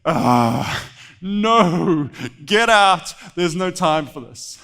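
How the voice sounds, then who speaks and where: A man voicing an impatient ancient king who is giddy with relief, with loud excited exclamations in a reverberant church hall. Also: high-pitched, very slow, gravelly, exaggerated voice. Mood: dismissive.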